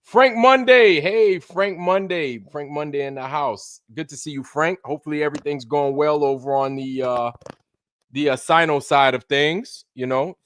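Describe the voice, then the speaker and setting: A man's voice: mid-range voice, little pitch movement, normal speed, a bit bright, smooth, no echo, studio quality. A man from Brooklyn, hosting a casual livestream and greeting viewers in a loose, profane way. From Brooklyn, New York. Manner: loose and profane, drops into put-on voices. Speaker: livestream host.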